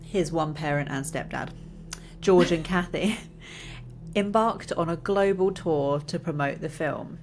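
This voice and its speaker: A woman's voice: low voice, darkish tone, soft background music. A woman co-hosting a podcast, telling the story in casual chat and breaking into laughter. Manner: unhurried storyteller, bursts into laughter. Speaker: podcast co-host.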